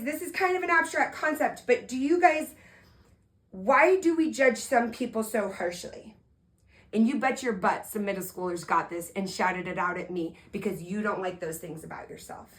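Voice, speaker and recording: A woman host giving an energetic, heartfelt motivational talk, playful and upbeat with excited asides. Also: on the high side, poor audio.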